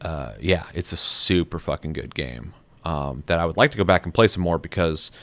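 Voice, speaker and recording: A man's voice: low voice, moderate pace, a bit bright. A man hosting a gaming podcast, chatting casually with frequent swearing and fillers. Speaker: podcast host.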